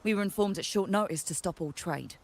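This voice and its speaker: A woman's voice: mid-range voice, fairly quick, vocal fry. An actress playing a stern, composed woman official in a video game, speaking in a clipped, businesslike way.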